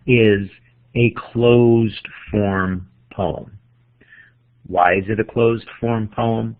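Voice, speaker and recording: A man teaching a class on poetry, speaking deliberately and walking through examples one by one. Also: low-pitched, creaky. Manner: slow, deliberate, counting out examples. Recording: tinny phone-like audio.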